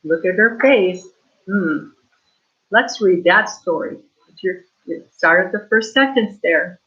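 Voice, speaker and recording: Slow, bright-voiced kindergarten teacher woman. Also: lowish voice, lively intonation. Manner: slow, exaggerated reading aloud with prompting questions. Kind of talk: remote reading lesson for young children. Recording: dull lo-fi online class audio.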